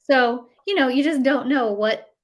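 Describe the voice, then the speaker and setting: A woman's voice: sits high, unhurried. Chatty storytelling woman, full of fillers. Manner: chatty storyteller, many fillers, acts out quotes. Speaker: nutritionist guest. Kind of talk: casual interview chat.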